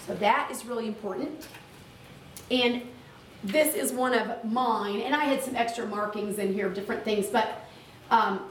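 A woman teacher leading a workshop for other teachers, lively and chatty with teacherly asides, speaking live to a room of listeners. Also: on the high side, a little hiss or hum. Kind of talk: live classroom-style workshop talk. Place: room with audience. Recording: echoey room, far from the mic.

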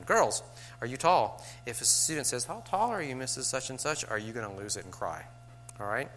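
Bright male workshop speaker, joking, casual, plays out student lines. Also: medium pitch, slight background noise. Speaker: teacher giving a workshop to teachers. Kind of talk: casual lecture.

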